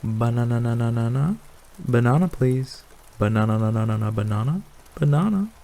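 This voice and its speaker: A man's voice: mid-range voice, expressive, normal speed, warm tone, lightly acted. A man voicing a chattering male pet parrot that squawks, begs and mimics phrases in a repetitive sing-song way. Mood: begging.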